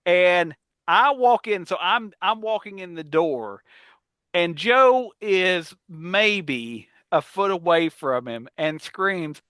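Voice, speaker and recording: A podcast co-host in his forties swapping stories with longtime friends. His voice sits a little high and rings bright. He is recorded close on a dry mic and breaks into laughter as he talks. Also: takes it slowly, clean tone, no room sound. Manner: animated storyteller, laughs often. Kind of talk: casual chat.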